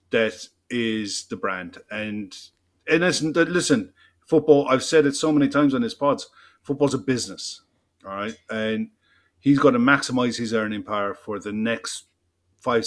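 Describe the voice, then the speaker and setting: A man's voice: medium pitch, unhurried. A man co-hosting a football podcast, talking bluntly and emphatically and swearing freely in casual chat. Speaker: podcast co-host.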